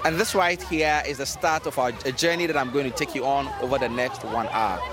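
A man, presenting a radio documentary in an earnest, measured storytelling voice. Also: mid-range voice, fairly even intonation, a crowd in the background. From Ghana. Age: 30s.

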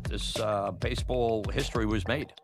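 A man's voice: lowish voice, fairly even intonation, normal speed, loud music behind the voice. A man telling a personal story about his youth, candid and conversational, chuckling now and then. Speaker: storyteller, former batboy.

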